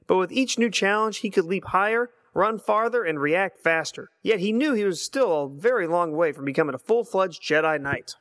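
A man's voice: high-pitched, expressive, normal speed, hardly any pauses, a bit bright. A man in his thirties leaving a voicemail, reminiscing earnestly and reading passages aloud. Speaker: listener voicemail. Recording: long hall reverb.

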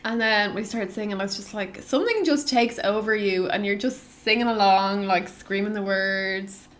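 A woman, co-hosting a podcast and telling stories with lively acted-out reactions. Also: medium pitch, normal speed. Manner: animated storyteller, acts out her own reactions. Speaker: podcast co-host. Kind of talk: casual chat.

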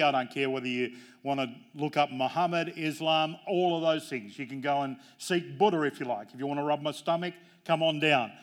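Pastor, male, slightly high voice, jokey storyteller who climbs in pitch to hammer home a point. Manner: jokey, storytelling preacher with emphatic rises. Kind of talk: sermon.

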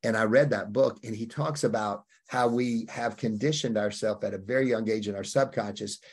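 Emphatic husky man coaching. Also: lowish voice, normal speed. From Alabama, US. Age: middle-aged. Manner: emphatic, acts out quoted voices, punchy phrasing. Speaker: podcast guest, life coach. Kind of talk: animated conversational interview answer.

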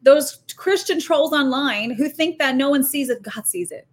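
A high-voiced woman appears as a guest on a faith-based podcast, speaking in an animated, emphatic way that drifts into preaching. Her words tumble out fast, with many restarts and fillers.

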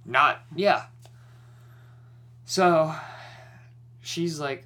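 Animated, forceful young man telling a story. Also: medium pitch, slow, long pauses. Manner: animated, swearing, worked-up retelling. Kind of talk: casual storytelling chat.

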